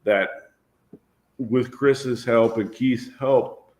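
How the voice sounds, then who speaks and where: A man's voice: mid-range voice, fairly even intonation, drawn-out words, darkish tone. A man, a drag racer and guest, telling a story about his car in a loose, self-deprecating way, laughing and swearing as he goes. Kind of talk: casual storytelling.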